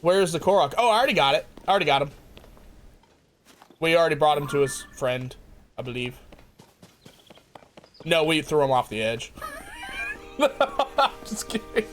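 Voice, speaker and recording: A man streaming a game live, chatting casually with his viewers, excitable and laughing often. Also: a little high, moderate pace, long pauses, soft background music. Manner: excitable, laughs often, talks to chat by name. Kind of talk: casual live-stream chat while playing.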